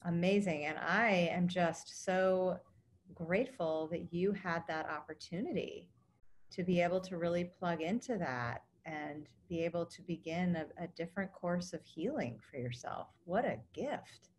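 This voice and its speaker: A woman's voice: lowish voice, animated, a little slow, a little hiss or hum. A woman hosting an interview, reacting effusively and gushing over her guest's story. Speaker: podcast host. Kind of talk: interview conversation.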